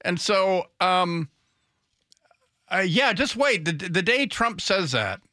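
A man's voice: high-pitched, big pitch swings, takes it slowly, pushed and bright, no room sound. A man hosting a talk radio show, rambling commentary with sarcastic, mocking asides into a studio microphone.

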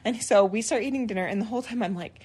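A woman's voice: medium pitch, very fast, slightly rough. A woman in her thirties, a podcast co-host, telling a story in casual chat and acting out the quotes. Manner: animated storyteller, acts out quotes, laughs often.

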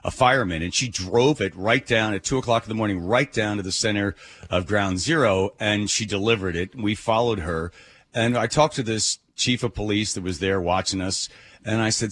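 A man on a phone call, telling a story in a casual radio chat, expressive and animated. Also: lowish voice, moderate pace. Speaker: radio host calling in. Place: bar, on the phone.

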